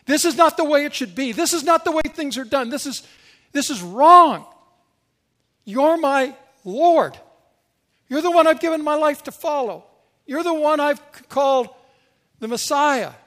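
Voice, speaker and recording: A preacher putting on a protesting disciple. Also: male voice, very high voice, expressive, a little slow, long pauses, fairly bright tone, big-room sound, voice pushed up, heavily acted. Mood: indignant protest. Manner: protesting, insistent, exclaiming. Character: agitated devoted male disciple, young adult.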